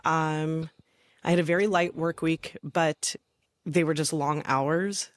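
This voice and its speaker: A woman's voice: deep voice, steady tone, slow, dry recording. Woman in her thirties; eager, emphatic co-host in a casual podcast chat; dry, close sound.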